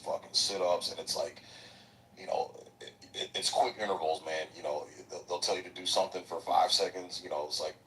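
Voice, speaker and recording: Deep-voiced man telling rowdy war stories. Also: a bit bright, recorded from a distance, rough recording. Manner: loose, swearing, slangy, drawn-out anecdotes. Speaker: guest, military veteran. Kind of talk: casual profane storytelling.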